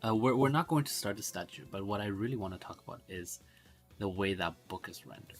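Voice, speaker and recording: Creaky-voiced sleep-deprived male streamer. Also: lowish voice, animated, fairly quick, soft background music. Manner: rambling, mock-professorial, laughs often. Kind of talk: casual live-stream game commentary.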